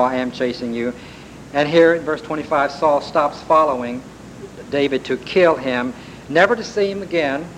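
Emphatic preacher retelling a story. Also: male voice, a little high, poor audio. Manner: storytelling with emphatic rises and repetitions. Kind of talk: sermon. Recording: faint background hiss.

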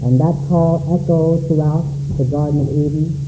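A man's voice: on the high side, steady tone, normal speed, reverberant, heavy background noise. A man preaching a sermon in a church, calling out questions dramatically to the congregation. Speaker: pastor.

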